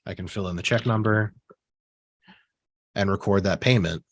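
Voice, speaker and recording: A man giving a relaxed screen-share software tutorial, talking casually with fillers and asides while he has the hiccups. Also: sits low, moderate pace. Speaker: software trainer.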